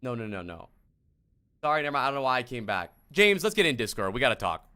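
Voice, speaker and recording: A man's voice: medium pitch, very animated, fast, bright, forceful tone, clean tone. A young man streaming as a game coach, talking casually in an exasperated, rambling way, with lots of swearing and restarts.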